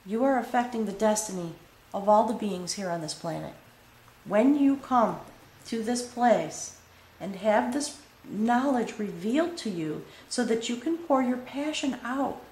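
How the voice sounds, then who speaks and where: A woman giving a spiritual tarot reading, earnest and full of pauses, often checking in with "okay?". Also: a little high, darkish tone. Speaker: tarot reader. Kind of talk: spoken tarot reading to camera. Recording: echoey room with faint ambience.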